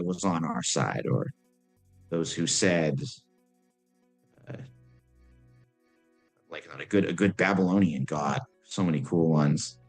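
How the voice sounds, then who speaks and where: A man voicing Lilith, an ancient female demon who is calm and worldly, speaking in a measured, musing way. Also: low voice, heavily acted.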